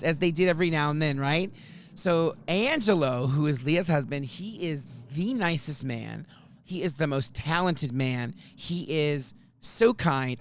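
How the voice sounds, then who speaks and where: A man's voice: fairly high pitch, clear, resonant tone. A man hosting a podcast, telling a story in casual chat, acting out the voices and swearing freely. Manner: animated, swears freely, acts out quoted voices. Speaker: podcast host.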